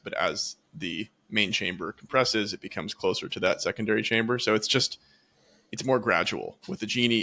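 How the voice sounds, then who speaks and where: A man's voice: on the low side, bright, forceful tone. A man co-hosting a podcast, explaining things in a casual, stop-start way with frequent restarts. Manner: explanatory, stumbles into restarts, laughs easily. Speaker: podcast co-host.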